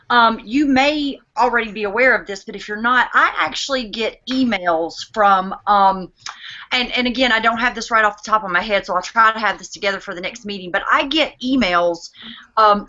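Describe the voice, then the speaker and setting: A woman's voice: on the high side, pushed and bright, highs cut off. A woman talking in a casual online hangout, chatty and full of "um" fillers, over a video call. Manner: chatty, many "um" fillers and restarts.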